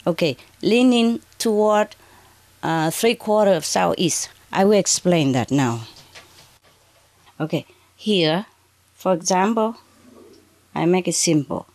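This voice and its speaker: A woman spiritual teacher addressing an audience under bright spotlights, speaking in halting, broken English with frequent "okay" and "huh". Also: on the low side, lively intonation. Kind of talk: addressing an audience from a prepared reading.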